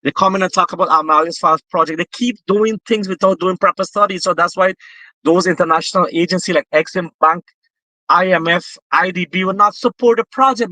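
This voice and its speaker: Impassioned and prone to restarting his sentences, a Guyanese political guest talks politics in a high, pushed, bright voice. There's no room sound, and the recording quality is rough.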